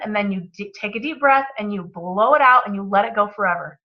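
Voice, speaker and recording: A woman's voice: medium pitch, brisk, dull audio. A woman hosting a book club, reading passages aloud and commenting with enthusiastic, motivational energy.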